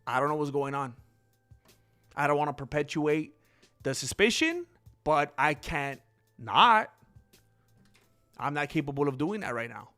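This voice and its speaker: A man talks in a loose, rambling way on his own livestream. He sits at a desk mic, his voice sits a little high, and he keeps turning to greet viewers in the chat. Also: lively intonation, a little slow, long pauses, bright, forceful tone, faint music behind. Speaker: livestream host.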